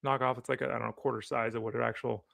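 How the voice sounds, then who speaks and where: A man's voice: mid-range voice, flat delivery, rapid-fire, gravelly, a bit bright, no echo. A man hosting a sports show, chatting casually while opening card packs, rambling and easily sidetracked. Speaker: sports podcast host.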